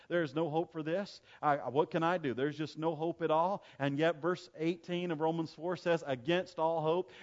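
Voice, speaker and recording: Man preaching, storytelling pastor, slightly raised pitch, emphatic repetition, muffled lo-fi sound. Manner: storytelling, emphatic repetition, swings between loud preaching and quiet asides. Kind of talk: sermon.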